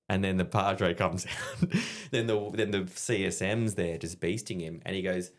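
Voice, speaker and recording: An Australian man, a comedian and army veteran, telling animated, profanity-laced stories as a podcast guest, laughing as he goes. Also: deep voice, fairly quick. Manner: animated, profane, laughs through his anecdotes. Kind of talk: casual podcast storytelling.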